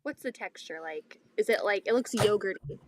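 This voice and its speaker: A woman's voice: mid-range voice, normal speed, background noise. A young woman co-hosting a casual chat, teasing and laughing, with mock-dramatic groans.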